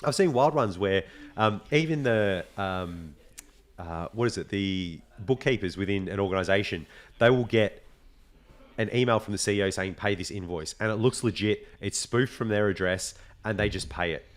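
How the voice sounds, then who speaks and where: A young man chatting on a podcast, quick to slip into the voices of the people in his stories. He talks casually and swears without a second thought. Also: fairly low pitch. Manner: animated storyteller, swears casually, acts out quoted voices. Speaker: podcast co-host. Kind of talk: casual chat.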